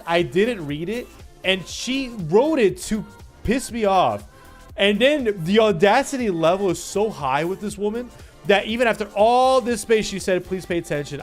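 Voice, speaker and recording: A man's voice: high voice, expressive, normal speed, soft background music. A young man livestreaming, chatting casually and teasing his chat with playful mock rants.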